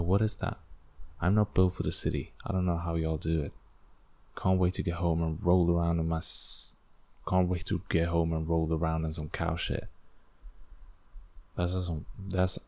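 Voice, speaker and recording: Low, gravelly-voiced man rambling casually. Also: a little mellow, dry recording. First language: not English. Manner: rambling, self-deprecating, many fillers. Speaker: podcast host. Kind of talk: casual solo podcast, reacting to tweets.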